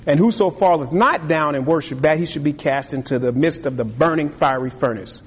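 A man preaching a sermon with a husky voice, lively and acting out other people's voices. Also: a little high, a little fast. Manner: animated, acts out voices of tempters and the king. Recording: long hall reverb.

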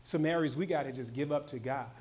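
A man preaching a sermon in a casual, slangy way, swinging from loud, emphatic stretches to soft, low asides. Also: fast, slight background noise. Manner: conversational, slangy, with short emphatic repeats. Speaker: pastor.

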